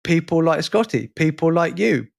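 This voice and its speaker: A man's voice: on the high side, sing-song, moderate pace, vocal fry. A man co-hosting a podcast, speaking emphatically and venting his frustration at length in casual conversation. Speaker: podcast co-host.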